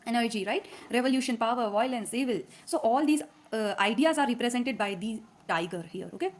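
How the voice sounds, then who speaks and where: A woman with an Indian accent giving a literature lecture while suffering from a cold, explaining step by step with frequent fillers and quick check-ins to her students. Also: a little high, animated. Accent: Indian English. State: has a cold. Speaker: literature teacher. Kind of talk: classroom lecture.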